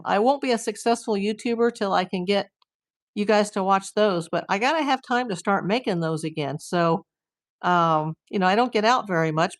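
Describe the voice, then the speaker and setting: A woman streaming live from home, chatting casually with her viewers and rambling with lots of "like". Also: medium pitch.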